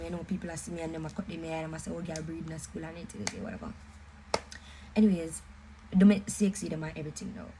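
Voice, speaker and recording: A young woman with a Jamaican accent, casually telling a personal story in an animated, emphatic way, mixing patois and English. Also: on the low side, a little hiss or hum, poor audio. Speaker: vlogger.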